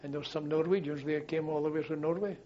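An older man telling wartime memories as a former policeman, in a halting, rambling way full of restarts and chuckles. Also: fairly high pitch, steady tone, highs cut off, slight background noise. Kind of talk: oral history storytelling.

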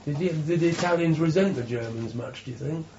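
A man's voice: a little high, a little fast, mellow, muffled recording, a little hiss or hum. A man interviewing an older speaker, asking questions and giving encouraging prompts. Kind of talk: oral history interview.

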